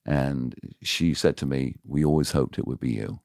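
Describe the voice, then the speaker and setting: Seasoned radio DJ as podcast guest, frank and animated, voices the people in his stories; rumbling low pitch, dead-dry room. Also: moderate pace, creaky, no room sound. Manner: animated, acts out quoted dialogue; frank, confessional. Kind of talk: casual storytelling in interview.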